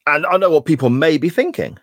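A man's voice: on the high side, quick pace, no room sound. A man co-hosting a wrestling podcast, recapping a clip in a sarcastic, sweary, casual way. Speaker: podcast co-host. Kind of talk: casual chat.

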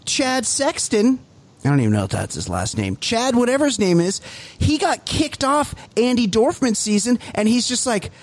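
A man's voice: extremely high pitch, big pitch swings, moderate pace. A man co-hosting a comedy podcast, ranting in casual chat and acting out other people in mocking quoted voices. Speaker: podcast co-host.

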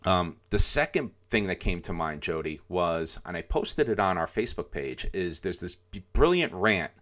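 A middle-aged man with a very low voice talks on a podcast in a loose, rambling way. He fills his sentences with "um" and "you know" and often restarts them. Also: lively intonation, normal speed, fairly bright tone. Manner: rambling, many fillers and restarts. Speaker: podcast co-host. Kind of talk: casual podcast chat.

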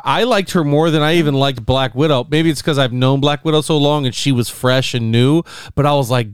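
A man co-hosting a casual podcast, animated, who acts out movie lines in a higher voice. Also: a little fast, smooth, no echo, clean studio sound. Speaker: podcast co-host. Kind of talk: casual chat.

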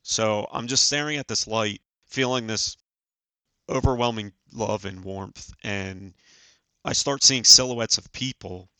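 A man in his forties, a podcast guest, telling a personal story in an earnest, halting way with many fillers. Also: on the low side, bright, forceful tone, no echo. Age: 40s. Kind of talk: casual storytelling.

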